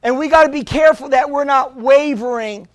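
Man, pastor, very high voice, dry close sound, preaching with loud bursts. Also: brisk, no room sound. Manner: preaching with sudden loud exclamations. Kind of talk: sermon.

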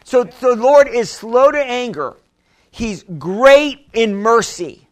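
Extremely high-pitched and expressive, this man takes his time as he preaches. He is a pastor delivering a sermon, asking the congregation for amens and repeating phrases to drive his points home in call-and-response fashion.

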